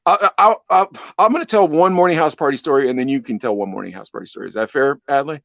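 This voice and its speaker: A man co-hosting a podcast who tells animated stories and laughs through them. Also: medium pitch, fast, gravelly, no echo, dull audio. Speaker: podcast co-host, former radio DJ. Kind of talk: casual chat, storytelling.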